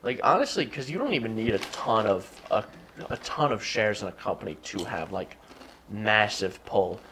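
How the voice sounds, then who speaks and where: A man's voice: lowish voice, lively intonation, normal speed, bright, forceful tone, a little hiss or hum. A man co-hosting a podcast while drunk, rambling casually with plenty of swearing. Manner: rambling and profane. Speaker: podcast co-host. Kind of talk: casual chat.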